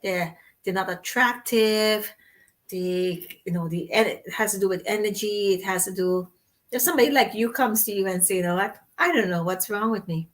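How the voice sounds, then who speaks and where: A woman with a Trinidadian accent hosting a casual chat, animated and talkative, laughing often as she tells stories. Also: mid-range voice, moderate pace. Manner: animated, chatty storyteller who laughs often. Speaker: host.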